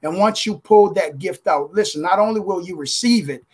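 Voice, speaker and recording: Over a video call, a man who is a contributing author gives an emotional, preacherly motivational testimony, repeatedly calling out "guys" and "listen" and slowing down for emphasis. His voice is high-pitched and husky.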